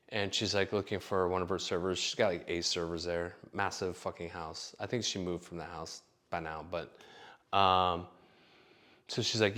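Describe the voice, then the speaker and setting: A man's voice: deep voice, steady tone, moderate pace, bright, forceful tone. A man telling a long personal story in a casual, rambling way, full of fillers and swearing. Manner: rambling, profane, filler-heavy.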